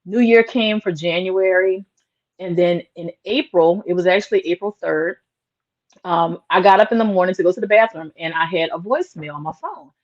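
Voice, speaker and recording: A woman's voice: fairly low pitch, normal speed. A woman guest in an interview, telling a personal story in an earnest, emotional way, with lots of "like" fillers. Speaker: interview guest, small business owner. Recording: dull lo-fi sound.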